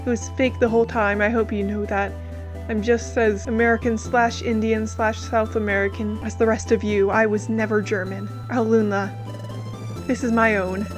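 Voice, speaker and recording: A woman's voice: on the high side, flat delivery, normal speed, music in the background, natural voice. A woman doing a petty ghost Pokémon man. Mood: deadpan. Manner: grumbling, petty and sarcastic. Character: gloomy ghost Pokémon man, boastful time traveler.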